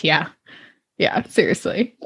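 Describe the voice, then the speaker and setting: A woman's voice: deep voice, lively intonation, slow pace, breathy edge, dry recording, clean studio sound. A woman in her thirties co-hosting a book podcast, talking enthusiastically about a favorite novel with lots of fillers. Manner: enthusiastic, gushing, many fillers. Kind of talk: casual book chat.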